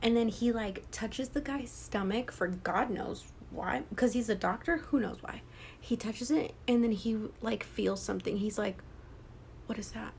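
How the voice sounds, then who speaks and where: A woman's voice: a little high, unhurried, gravelly, darkish tone, slight background noise. A young woman casually retelling a horror novel's plot, slipping into whispers and acting out the characters' lines with lots of swearing. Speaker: book vlogger.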